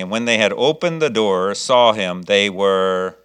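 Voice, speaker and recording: A man preaching a sermon, reading scripture and acting out the people in the story with lively, shifting delivery. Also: on the low side, measured pace, clear, resonant tone. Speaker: pastor.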